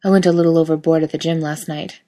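A woman's voice: sits low, fairly even intonation, fast, dark tone, lightly acted. Brief: woman reading as shy male office worker, awkward, hesitant.

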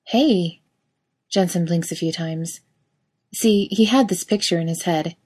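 A woman's voice: fairly low pitch, normal speed, darkish tone, breathy edge. A woman narrating a story aloud in a wry, casual reading style. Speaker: reader.

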